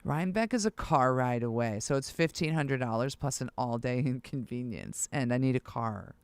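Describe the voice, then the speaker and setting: A music producer vlogger talking casually to viewers, excitable and thinking aloud while browsing gear listings. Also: medium pitch, moderate pace, smooth, dry recording. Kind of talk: casual vlog talk to camera.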